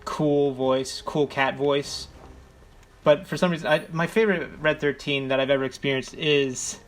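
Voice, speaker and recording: A man's voice: on the high side, fairly even intonation, moderate pace. A man co-hosting a gameplay video, chatting casually and asking curious questions about the game. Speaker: let's play co-host.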